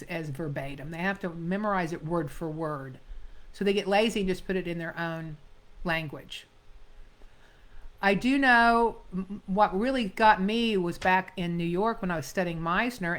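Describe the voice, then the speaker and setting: Middle-aged woman, acting coach; emphatic, animated classroom delivery, voice at a mid pitch. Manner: animated, emphatic teaching with quoted line readings. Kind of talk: script analysis class.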